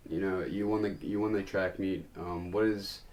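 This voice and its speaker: A man's voice: deep voice, steady tone, normal speed, darkish tone. A man interviewing a guest, asking questions hesitantly with many ums and restarts.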